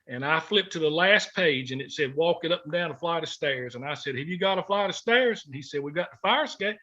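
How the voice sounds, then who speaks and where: A middle-aged man with a drawl tells a story in a folksy, heartfelt way, his voice catching now and then. His tone is bright and tense, a touch higher than most men's. The recording sounds dull and lo-fi. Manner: folksy, heartfelt, gets choked up. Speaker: guest, former gospel singer. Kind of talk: emotional storytelling interview.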